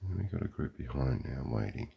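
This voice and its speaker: A man's voice: rumbling low, very animated, fairly quick, gravelly, slightly rough, muffled recording. An Australian man giving a sarcastic, profane running commentary outdoors beside a golf green. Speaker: vlogger.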